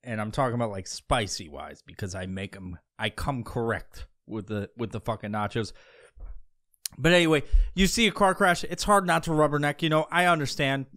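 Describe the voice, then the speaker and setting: A podcast host from the Pacific Northwest delivers a casual, profane monologue, rambling crudely and sarcastically with plenty of fillers and swearing. His mid-range, slightly bright voice has lively intonation at a moderate pace, recorded on a podcast mic.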